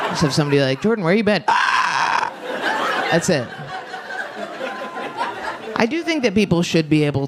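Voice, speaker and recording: A woman performing a brash, fast stand-up set, talking with the crowd on a club stage. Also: rumbling low, heavy background noise. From United States. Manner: brash, rapid, often shouting and laughing. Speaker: stand-up comedian. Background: audience laughter.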